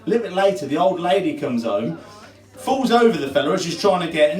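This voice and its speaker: A man's voice: on the high side, lively intonation, fast, faint music behind. A man telling jokes on stage at a variety night, chuckling at his own punchlines. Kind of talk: stand-up joke telling. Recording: echoey room from far off.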